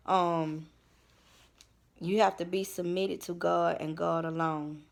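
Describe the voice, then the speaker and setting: A woman's voice: on the low side, steady tone, slow pace, gravelly, long pauses. A woman, giving a personal testimony in an earnest, preacherly way that repeats phrases. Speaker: vlogger sharing testimony.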